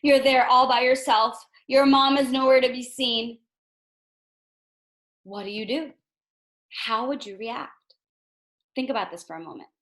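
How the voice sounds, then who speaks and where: High-voiced woman teaching young children. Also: normal speed. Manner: gentle, asks questions, often checks with "right?". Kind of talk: reading lesson for young children.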